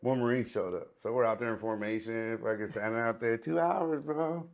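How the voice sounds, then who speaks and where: A man's voice: medium pitch, moderate pace. A man in his thirties, a military veteran guest, telling stories casually with slang, cursing and laughter. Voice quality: gravelly. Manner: slangy, profane, laughs often. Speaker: podcast guest, Marine veteran and barber. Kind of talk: casual storytelling.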